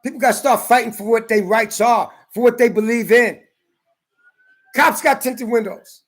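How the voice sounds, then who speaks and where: A man tells a story in an angry, profane rant. He talks heatedly and breaks into shouts. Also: very high-pitched, moderate pace. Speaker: ranting commentator.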